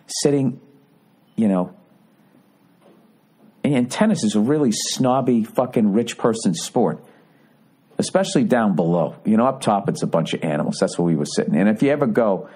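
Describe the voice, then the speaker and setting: A man's voice: on the low side, lively intonation, normal speed, pauses often, dark tone, husky. A man in his forties hosting a podcast, telling a rambling story in a profane, mock-indignant rant. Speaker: podcast host. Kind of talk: casual comedic monologue.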